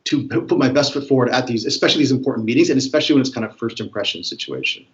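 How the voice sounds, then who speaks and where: A man speaking briskly and energetically as a guest expert on body language, breaking into small acted-out examples as he explains. He sits at a middle pitch, and the audio is a little dull and muffled. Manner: energetic, animated, acts out examples. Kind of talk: explanatory interview talk.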